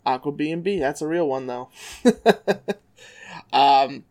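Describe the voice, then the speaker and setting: A man co-hosting a casual podcast, chiming in with quick, chatty asides. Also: medium pitch, a little mellow. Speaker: podcast co-host.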